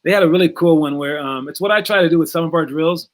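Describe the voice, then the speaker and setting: A man coaching young basketball players in a casual talk, energetic, with many fillers and repeated words. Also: a little high, fast talker. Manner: energetic, acts out movie scenes in raised voices.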